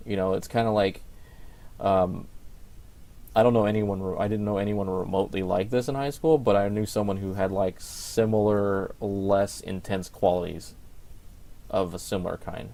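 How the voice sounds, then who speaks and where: A man's voice: lowish voice, fairly even intonation, moderate pace, dark tone. A young man co-hosting a podcast in casual chat, rambling with lots of fillers and restarts. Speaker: podcast co-host.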